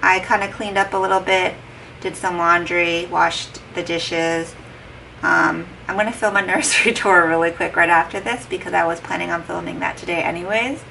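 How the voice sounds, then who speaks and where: A woman's voice: on the low side, fairly even intonation, moderate pace, vocal fry, pushed and bright. A heavily pregnant young woman chatting casually to her vlog camera at home, retelling a conversation with lots of "like" and quoted dialogue. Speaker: vlogger. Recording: distant mic with faint background noise.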